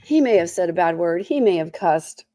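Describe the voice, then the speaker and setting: A woman's voice: lowish voice, expressive, normal speed, mellow. A tired woman with a sore throat hosting a casual trial recap, full of snarky, sarcastic asides. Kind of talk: casual commentary.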